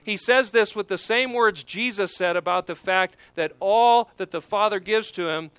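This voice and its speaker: Guy preaching a sermon, high bright voice, clean and dry, leans hard on the big points. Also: moderate pace, hardly any pauses, smooth, no echo. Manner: emphatic preaching, swelling louder on key points. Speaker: pastor. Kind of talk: expository sermon.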